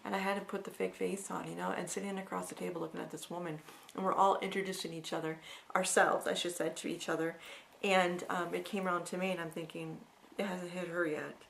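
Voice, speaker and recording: A middle-aged woman vlogger speaks candidly and reflectively about her past, earnest and frequently restarting her sentences. Her fairly low voice is gravelly and level-toned, she talks fast, and there's slight background noise.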